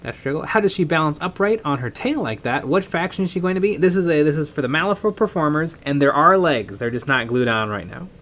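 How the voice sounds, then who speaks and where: Co-hosting a live stream about painting miniatures, this man speaks a bit quickly with few pauses in a higher-pitched voice. Excitable and casual, he reads out viewer comments, laughs a lot and tends to trail off.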